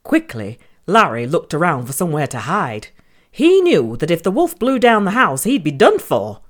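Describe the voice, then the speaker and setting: A woman reading a children's story aloud in an expressive, playful way. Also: low voice, normal speed.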